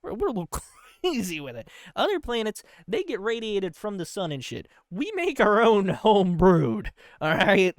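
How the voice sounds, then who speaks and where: Male comedy podcast host: loose, silly rambler with a lively, swooping delivery, dead-dry recording. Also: sits high, normal speed, no room sound. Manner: loose, goofy, full of filler asides; breaks into laughter mid-line. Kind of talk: rambling comic monologue.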